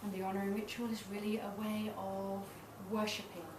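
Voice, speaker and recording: A woman's voice: mid-range voice, level tone, a little fast. Candid woman giving a talk in a room. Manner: candid, self-deprecating storytelling with laughs. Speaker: tantra massage teacher. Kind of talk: public talk. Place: small event space. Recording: roomy, distant mic, noisy.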